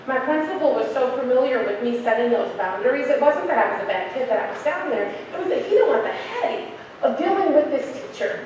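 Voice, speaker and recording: A woman's voice: sits high, fairly quick. A young adult woman telling a personal story to an audience, acting out the voices of the people in it. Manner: animated, acts out quoted voices. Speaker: speaker. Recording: echoey hall, distant mic, faint noise.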